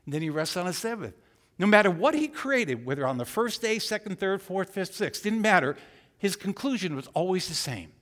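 Animated male pastor in a reverberant hall. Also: sits high, a little fast. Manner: animated, acts out God's voice, swings from loud to hushed. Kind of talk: sermon. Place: church.

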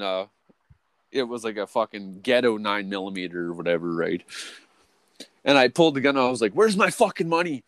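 A man co-hosting a podcast spins a long, rambling story, swearing in nearly every line and tripping over restarts as he goes. His voice sits at an ordinary middle pitch, and the sound is close and dry with no room echo. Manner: profane, rambling, full of restarts and "or whatever, right"; jumps to a much higher, louder voice when quoting people. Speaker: podcast co-host. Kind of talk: casual storytelling chat.

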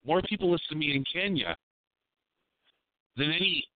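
A man's voice: on the high side, animated, moderate pace, dry recording. A man hosting a live call-in radio show, talking in a rambling, crude and provocative way. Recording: dry tinny phone-like sound.

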